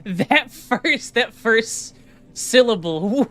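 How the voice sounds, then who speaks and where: A man's voice: extremely high pitch, lively intonation, drawn-out words, a bit bright, soft background music. A male streamer chatting casually and teasing his viewers, laughing often while a game plays. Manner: playful, teasing chat with lots of laughter. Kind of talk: casual live-stream chat.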